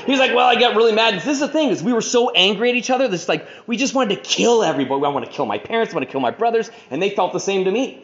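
A man telling his life story to an audience in a rambling way, full of "you know", with dark humor. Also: sits high, animated, very fast, hardly any pauses, muffled recording. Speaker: speaker sharing his recovery story.

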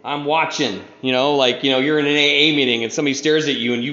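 A man's voice: mid-range voice, steady tone, rapid-fire, few pauses, a bit bright. A man telling a personal recovery story in a rambling, casual way, often saying "you know" and acting out what others said. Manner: rambling, heavy on "you know", acts out quoted people. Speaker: speaker sharing his recovery story. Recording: echoey room, dull lo-fi sound.

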